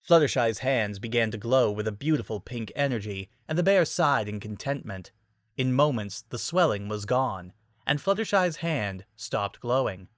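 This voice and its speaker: A narrator giving a dramatic reading of a fantasy fan story, with expressive storytelling. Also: mid-range voice, normal speed, no echo, clean studio sound.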